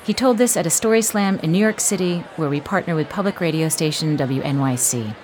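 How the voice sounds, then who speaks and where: A woman hosting a radio show, reading scripted narration in a measured, expressive way. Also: low voice, slight background noise. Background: music bed.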